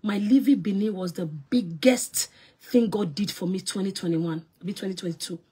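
Nigerian woman, husky voice, live stream rant, loud scolding, mixes in Pidgin English. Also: moderate pace. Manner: loud and scolding, mixing Pidgin English, big swings in pitch and volume. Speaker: actress and film producer on a live stream.

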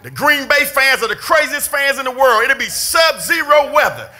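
A middle-aged man from the preaching with fervor, his voice pitched unusually high and ringing very bright. He swings from easy storytelling to full-throated shouts that drive each point home. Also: expressive, moderate pace. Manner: fervent preaching, often shouting with emphasis. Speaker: pastor. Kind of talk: sermon. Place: church sanctuary.

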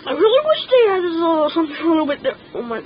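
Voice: extremely high pitch, big pitch swings, very fast, dull audio, a little hiss or hum. A teenage gaming channel host giving casual gameplay commentary, stammering and complaining that something hurts.

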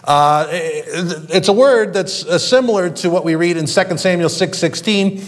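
A man's voice: high-pitched, a little slow. A male pastor preaching a sermon in a conversational way, with frequent fillers and restarts.

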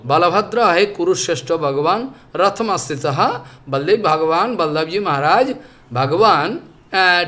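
A man teaching from scripture in an earnest, explanatory way. He talks haltingly, searches for words, and fills gaps with "you know" and repeated phrases. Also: high voice, fairly bright tone. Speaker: spiritual teacher. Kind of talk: scripture lecture.

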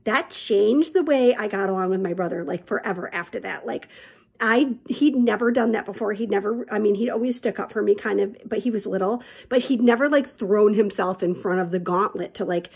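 A woman's voice: medium pitch, brisk, gravelly, darkish tone, breathy edge. A woman teacher telling her students a personal story in a chatty, candid way and calling them friends.

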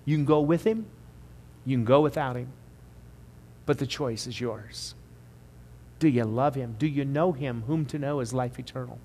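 A man preaching a sermon as pastor, emphatic at the peaks and quiet and slow when he appeals to the congregation. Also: mid-range voice, slight background noise. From United States. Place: church sanctuary. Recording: long church reverb.

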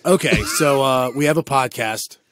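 A man co-hosting a casual podcast, telling rambling, animated stories with lots of restarts. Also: mid-range voice, moderate pace, no echo, studio quality. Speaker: podcast co-host. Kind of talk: casual chat.

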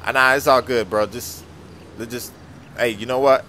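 Bright-voiced man in a game skit. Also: medium pitch, steady tone, normal speed, a little hiss or hum. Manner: stammering, yells in panic. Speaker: YouTuber playing a dad. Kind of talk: game role-play skit.

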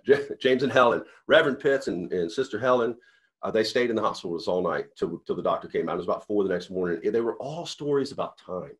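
A man's voice: on the low side, fairly bright tone. A man, a company CEO, giving a motivational talk to sales reps in an earnest, rambling storytelling way with many restarts.

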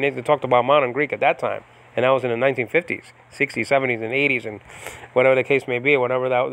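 A man's voice: mid-range voice, fairly bright tone. Middle-aged guy from the states doing a bible study at home, rambly, lots of ums and restarts. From United States. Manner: rambling, with many fillers and restarts. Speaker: Bible teacher. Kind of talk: casual Bible study lesson. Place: home in the Philippines.

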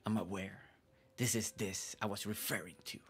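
A man voicing a dramatic, secretive male villager in a deep, half-whispered, solemn voice. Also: steady tone, normal speed, husky. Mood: brooding. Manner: solemn, cryptic pronouncements. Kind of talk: game dialogue read-along. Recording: faint game music behind.

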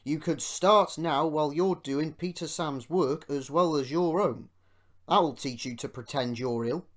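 Man playing a stern male railway boss, scolding, firm and loud, storybook reading. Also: fairly high pitch, measured pace.

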